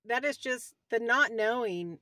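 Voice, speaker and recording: A woman's voice: on the high side, measured pace, sharp tone, no echo, clean studio sound. A woman in her sixties talking to her followers in a heartfelt, rambling way. She often repeats herself and keeps thanking God between thoughts. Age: 60s. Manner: openly devout, praising God between thoughts. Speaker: vlogger giving a personal health update. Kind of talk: casual talk to camera. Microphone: phone.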